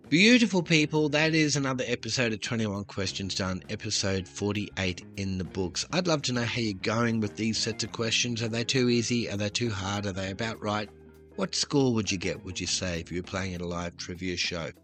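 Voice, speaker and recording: Aussie guy hosting a quiz podcast, lowish voice, punchy and bright, a bit of music faint underneath. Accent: Australian. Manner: chatty and upbeat, reading questions aloud. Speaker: trivia podcast host.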